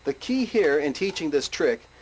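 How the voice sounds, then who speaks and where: A man teaching dog tricks in a plain, explaining way, with bursts of high, cheerful praise for the dog. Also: big pitch swings, moderate pace. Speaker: dog trainer. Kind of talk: instructional talk. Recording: music playing underneath.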